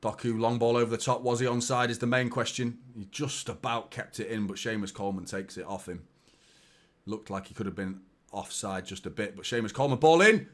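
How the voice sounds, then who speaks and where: A man's voice: on the low side, a little fast. A man hosting a live football watchalong, giving exasperated, sweary fan commentary.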